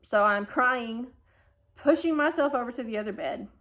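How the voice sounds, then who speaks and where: A woman's voice: on the high side, moderate pace. A woman, telling a family vlog storytime and acting out the people in it. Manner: animated retelling, acting out quoted dialogue. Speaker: family vlogger. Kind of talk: storytime recounting a hospital stay.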